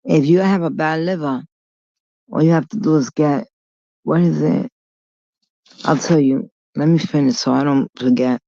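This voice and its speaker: A woman's voice: low-pitched, normal speed, creaky, long pauses, dark tone, no room sound. A woman vlogger telling a long story in a rambling, digressive way, blunt and full of swearing. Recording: dull lo-fi recording.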